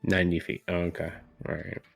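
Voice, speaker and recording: A man playing a tabletop game, talking slowly and hesitantly while checking his rules and spells. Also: sits low, completely flat delivery, vocal fry, soft background music. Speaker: player. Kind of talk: casual tabletop game chat.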